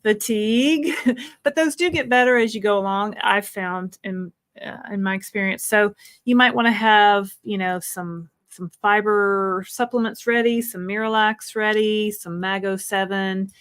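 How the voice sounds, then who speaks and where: A woman's voice: medium pitch, measured pace, fairly bright tone, clear, resonant tone, dry recording, studio quality. A middle-aged woman co-hosting a live stream, chatting casually, laughing often and giving practical advice. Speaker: co-host of a weight-loss livestream.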